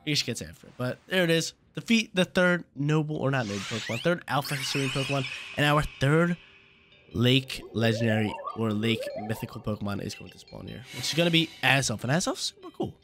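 A man's voice: medium pitch, animated, brisk, over music. A young man casually commentating his gameplay as a channel host, laid-back and slangy, often repeating himself.

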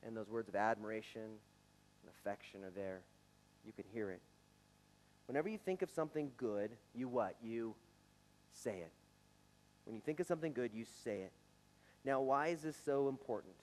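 Male pastor in his forties, earnest and conversational, a middle-pitched voice, preaching in church. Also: a little mellow, low-quality recording. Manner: conversational, earnest, with some stammered restarts. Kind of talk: sermon. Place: church sanctuary.

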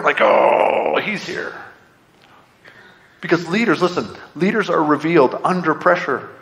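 In a church sanctuary, a middle-aged pastor preaches a sermon in a slightly high, sharp-toned voice. He sounds earnest and conversational, repeatedly posing rhetorical questions.

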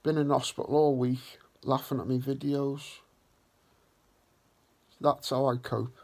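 A man hosting a vlog, talking slowly and earnestly in a reflective way. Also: mid-range voice, level tone, gravelly, a little mellow. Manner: slow, earnest and heartfelt. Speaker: vlog host.

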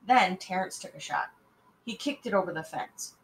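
A woman reading a children's chapter book aloud in a lively, expressive way. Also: medium pitch, moderate pace, low-quality recording. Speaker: reader.

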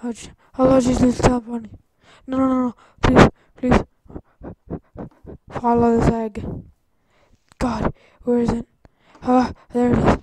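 A young woman talks her way through a video game, jumpy and easily startled, rambling to herself about what she sees. Her voice sits a little high for a woman. She comes from Canada. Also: completely flat delivery, measured pace, very noisy. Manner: jittery, easily startled, rambling self-talk. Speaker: gaming YouTuber. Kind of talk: Minecraft let's-play commentary.

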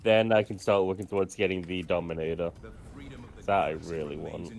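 A man's voice: sits low, fairly quick, vocal fry, crowd noise. A man teasing friends and swearing in casual chat during a co-op game. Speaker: co-op player.

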